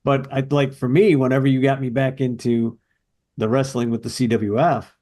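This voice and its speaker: A man's voice: mid-range voice, level tone, normal speed, warm tone. A man co-hosting a casual podcast chat, telling stories with eager enthusiasm. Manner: enthusiastic, nostalgic storytelling. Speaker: podcast co-host.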